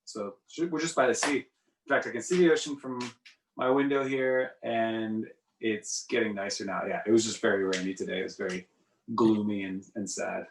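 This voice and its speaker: Easygoing guest on a roomy distant call. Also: male voice, on the low side, steady tone, moderate pace, slight background noise. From south of France. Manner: easygoing, meandering, many uhs. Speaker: podcast guest, musician. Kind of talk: casual chat over a remote call. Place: home room by the sea in England. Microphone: remote call.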